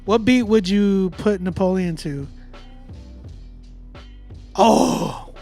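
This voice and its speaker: A man's voice: high-pitched, drawn-out words, dark tone. A man hosting a live music critique stream, chatting casually and joking with slang. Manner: laid-back, joking, laughs often, uses slang.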